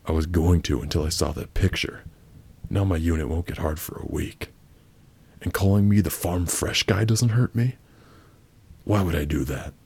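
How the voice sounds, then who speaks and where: A man's voice: low-pitched, normal speed, pauses often, a little mellow, breathy edge. A man performing a crude prank role-play as he reads a chat aloud, with a blunt, abrasive manner and sudden outbursts.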